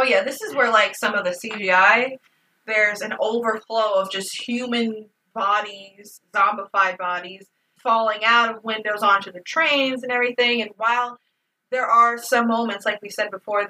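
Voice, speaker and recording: A woman co-hosting a casual podcast, recapping a movie in an animated, emotional way and swearing freely. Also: mid-range voice, distant mic, low-quality recording. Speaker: podcast co-host.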